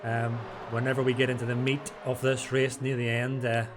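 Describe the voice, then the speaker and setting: A man's voice: medium pitch, monotone, normal speed. A man casting a live sim race, joking around and slipping into playful put-on accents. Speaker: sim racing caster. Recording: clear background noise.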